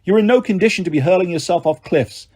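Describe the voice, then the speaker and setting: A man's voice: high-pitched, fast talker, slightly rough. A man doing a stern young goddess. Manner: calm, cold and formal. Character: young goddess of the hunt, stern, commanding girl.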